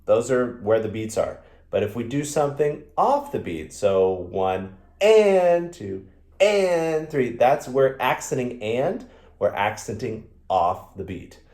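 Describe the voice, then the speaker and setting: Slow-counting man teaching violin. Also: on the low side, lively intonation, darkish tone. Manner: patient, counts beats aloud in a sing-song. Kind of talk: music lesson, counting aloud. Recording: echoey room with violin playing.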